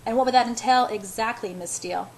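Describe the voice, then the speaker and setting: A woman reading the lines of an intense, possessive young man in a low murmur. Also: fast, a little hiss or hum, close to an everyday voice.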